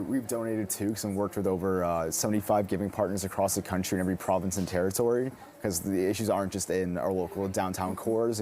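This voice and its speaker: Young man, very low voice, quick talker, mellow tone, charity co-founder. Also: a little hiss or hum. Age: young adult. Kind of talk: TV interview.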